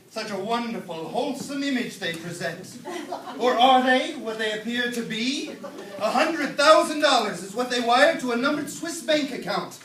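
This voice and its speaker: A man's voice: high voice, fairly bright tone, reverberant, far from the mic, slight background noise. A young man acting a jumpy, paranoid office worker who speaks in grand, theatrical declarations on a school stage. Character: paranoid conspiracy-minded male office worker. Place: school stage before an audience.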